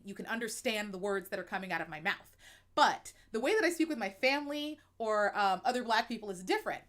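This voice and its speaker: A woman's voice: mid-range voice, quick pace. Frank, laughing American woman streamer. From United States. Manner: frank, expressive, laughs often, uses fillers like um and like. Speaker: livestream host. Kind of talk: candid personal chat to viewers.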